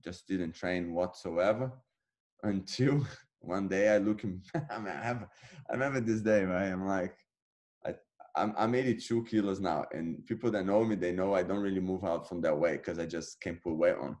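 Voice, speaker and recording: Low-voiced man telling an animated story. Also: moderate pace. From Brazil. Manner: animated, acts out his own past dialogue. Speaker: interview guest, jiu-jitsu black belt. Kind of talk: casual storytelling.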